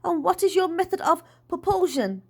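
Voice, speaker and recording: A woman voicing a brisk, officious little chubby man with a clipboard, who booms his questions and announcements. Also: expressive, a little mellow. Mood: questioning.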